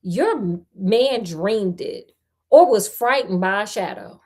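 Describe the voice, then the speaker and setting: A woman's voice: mid-range voice, lively intonation, slow pace, warm tone, slightly rough. A woman voicing a proud, scornful young belle, sneering and haughty, in a storybook reading.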